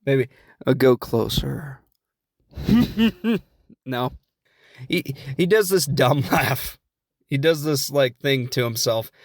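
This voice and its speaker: A man with a Midwestern American accent recaps a film on his podcast in a loose, rambling, joking way, often poking fun at himself. His voice sits at a middling pitch for a man. The sound is dry and close, with no room around it. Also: slow, vocal fry, no room sound. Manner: rambling, jokey, self-deprecating. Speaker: podcast host. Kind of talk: casual comedic film recap.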